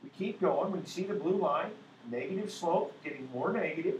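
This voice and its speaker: A man's voice: on the high side, animated, normal speed. Male math teacher in an echoey classroom. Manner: keeps checking in with students by asking "right?"; patient and repetitive, walking through steps. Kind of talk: classroom lecture. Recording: echoey classroom with faint background noise.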